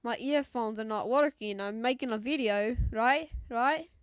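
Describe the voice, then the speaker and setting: A woman with a put-on British accent giving loud, excitable, slang-heavy commentary on a mobile game. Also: on the high side, measured pace, clear, resonant tone, no echo. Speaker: gaming YouTuber.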